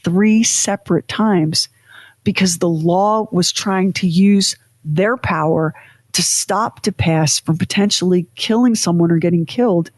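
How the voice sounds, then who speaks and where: A woman's voice: on the low side, darkish tone, no room sound. A woman co-hosting a podcast, telling history in casual chat with vivid, dramatic phrasing. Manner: dramatic, vivid storytelling with emphatic pauses. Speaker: podcast co-host.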